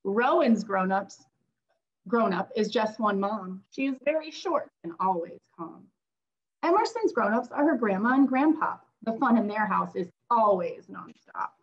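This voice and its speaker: A woman's voice: mid-range voice, lively intonation, measured pace. Woman reading a picture book, lo-fi audio. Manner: teacherly read-aloud delivery. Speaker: children's book author; former teacher. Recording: dull lo-fi audio.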